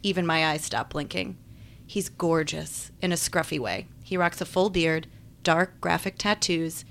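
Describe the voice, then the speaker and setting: A woman's voice: deep voice, a little slow, vocal fry, a bit bright, a little hiss or hum. A woman giving wry, chatty first-person audiobook narration. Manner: wry, chatty, self-deprecating.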